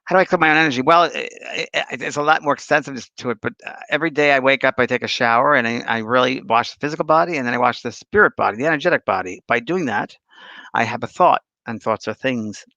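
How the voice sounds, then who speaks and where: A man's voice: mid-range voice, fast, pushed and bright, no room sound. A man hosting a casual spiritual talk show, rambling through anecdotes and viewer questions. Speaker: spiritual medium and host. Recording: dull lo-fi dry sound.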